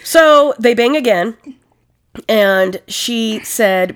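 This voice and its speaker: A woman's voice: mid-range voice, normal speed. A woman co-hosting a casual true-crime chat, telling the story with lots of swearing and indignant asides. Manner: profane, animated storytelling. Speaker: podcast co-host.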